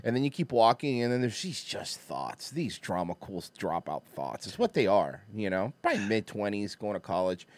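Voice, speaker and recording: A man hosting a podcast, telling a long story in casual chat, rambling and profane with lots of fillers and restarts, swinging between muttered asides and loud bursts. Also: lowish voice, sing-song, normal speed, few pauses, no echo. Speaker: podcast host.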